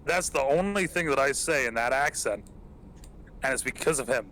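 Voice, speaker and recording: A man's voice: mid-range voice, lively intonation, normal speed, fairly bright tone, slight background noise, low-quality recording. Young man chatting, cursing freely. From England. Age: young adult. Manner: profane, rambling storyteller with many fillers. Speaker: podcast host. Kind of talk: casual chat.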